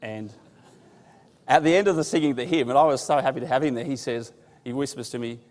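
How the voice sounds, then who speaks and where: A man's voice: mid-range voice, fast talker, darkish tone. A man giving a bible class, telling stories with humor and asking the audience questions. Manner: conversational storytelling with humor. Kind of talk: informal bible class talk. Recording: long hall reverb.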